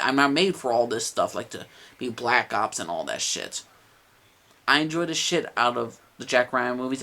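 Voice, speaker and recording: A man's voice: medium pitch, fairly bright tone. A man giving a casual movie review, enthusiastic and rambling, with lots of "uh" and "like". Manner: enthusiastic, rambling with many fillers.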